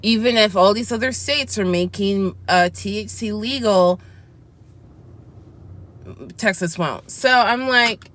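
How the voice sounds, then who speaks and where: A woman's voice: mid-range voice, slow, long pauses, a bit bright. A woman vlogger talking candidly in a casual chat review, acting out her side of conversations as she tells them. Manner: chatty and candid, acts out her side of dialogues.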